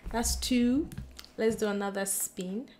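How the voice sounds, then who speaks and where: A woman's voice: a little high, slow, darkish tone, a little hiss or hum. Bubbly, giggly woman vlogger. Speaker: book vlogger. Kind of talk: excited casual vlog chat. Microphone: compact camera mic.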